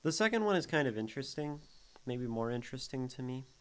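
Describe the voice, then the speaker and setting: A very animated man with a smooth, mid-range voice talks fast while hosting a stream. He casually critiques a poem, humming its rhythms and sounding out the beats to explain them, laughing often throughout his poetry reading and critique.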